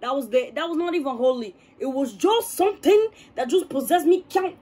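A young woman vlogger telling a story in a casual, animated and dramatic way. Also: high voice, fairly quick, a little hiss or hum.

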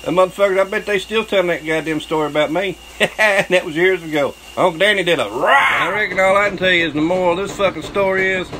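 A man's voice: high voice, fast talker, noisy background. A man with a Southern US accent telling a crude, boastful story, swearing constantly and breaking into laughter. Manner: profane, boastful, laughs often. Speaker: channel host telling a story.

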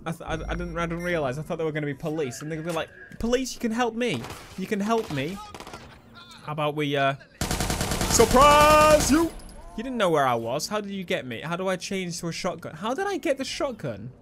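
A young man giving excitable, swearing let's play commentary over a video game. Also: on the high side, racing, few pauses, slight background noise. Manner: excitable, swearing, laughing at his own jokes. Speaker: gaming YouTuber. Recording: game gunfire and sounds behind.

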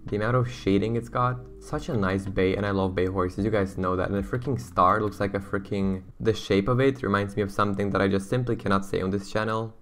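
A young man giving excitable, slangy, rambling commentary on a video game as its YouTuber host. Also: on the low side, brisk, hardly any pauses, faint music behind. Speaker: gaming YouTuber. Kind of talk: casual gameplay commentary.

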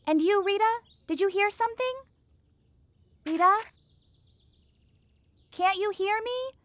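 Olga, an excitable squeaky cartoon critter. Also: female voice, slow pace, dry recording, exaggerated voice. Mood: inquisitive. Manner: inquisitive, excitable, asks many questions. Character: curious excitable young female cartoon animal. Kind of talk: dubbed cartoon acting. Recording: children's music under the voice. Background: children's music.

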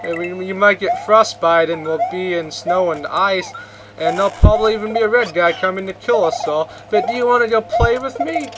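A man's voice: high-pitched, a little fast, noisy background, lightly acted. A man voicing a dim-witted, cheerful male football-playing monster in a video game. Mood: eager. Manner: eager, goofy invitation.

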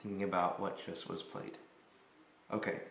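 A man co-hosting a casual board game playthrough, thinking out loud and getting excited over moves. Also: low-pitched, moderate pace, creaky, echoey room. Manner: thinks aloud, easily excited. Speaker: co-host.

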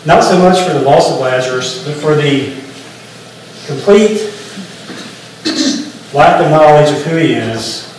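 A man's voice: on the high side, animated, unhurried, pauses often, slight background noise. A male pastor preaching a sermon in a conversational, explanatory way, often restarting phrases. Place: church sanctuary. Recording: echoey church from far off.

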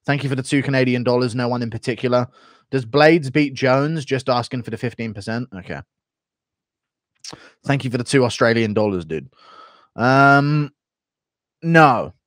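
A man's voice: mid-range voice, normal speed, long pauses, fairly bright tone, dry recording, clean studio sound. A man streaming, reading donations and chatting with sarcastic, casually profane remarks. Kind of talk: casual livestream chat.

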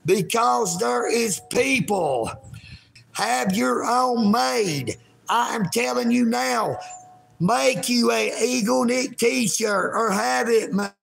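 Gravelly, high-voiced man. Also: slow pace, faint music behind. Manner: folksy, emphatic, bursts into shouting. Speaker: vlogger. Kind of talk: rambling livestream vlog. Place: outdoors at a park.

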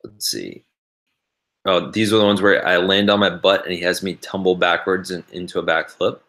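A man's voice: sits low, normal speed, fairly bright tone. A man casually talking through his video editing on a livestream, rambling and reading viewers' chat comments aloud.

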